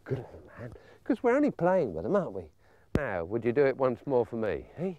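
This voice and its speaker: An older English man with a genial, chatty manner, explaining dog training and coaxing a pup in a high sing-song. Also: wildly swooping pitch, a little fast, dark tone, lo-fi sound, slight background noise. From England. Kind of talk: outdoor training demonstration.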